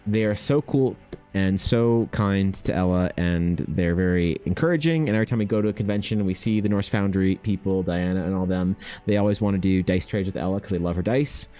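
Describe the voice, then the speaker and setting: A young man streaming casually, excitable and thinking aloud, swearing freely as he chats. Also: sits low, brisk, soft background music. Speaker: art streamer. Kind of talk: casual livestream chat.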